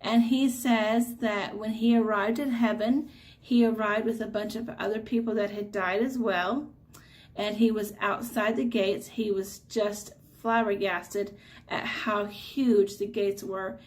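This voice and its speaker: A middle-aged woman, telling a religious testimony as a mother in an earnest, halting way with many fillers. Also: medium pitch, steady tone, darkish tone.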